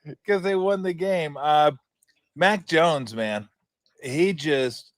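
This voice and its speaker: Man, sports radio host, lively storyteller, fairly high voice, dry close sound. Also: slow, no room sound. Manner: animated storyteller, laughs often. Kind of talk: casual sports talk.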